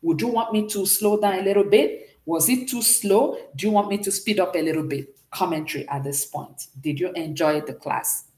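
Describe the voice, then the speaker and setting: A woman's voice: lowish voice, moderate pace, few pauses, darkish tone, reverberant. A woman teaching a beginners' French class online, explaining patiently and checking in often with the students.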